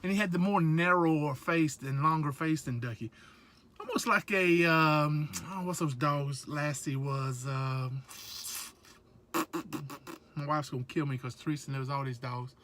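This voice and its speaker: A man's voice: on the high side, measured pace, a bit bright, a little hiss or hum. A man from South Georgia with a Southern accent, chatting casually and joking around in a rambling vlog from his truck. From South Georgia / North Florida, USA. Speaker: truck driver vlogger. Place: truck cab.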